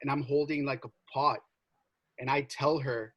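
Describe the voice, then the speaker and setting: A young man telling a story in casual chat, animated, swearing and full of filler words. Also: mid-range voice, moderate pace, poor audio. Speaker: podcast co-host.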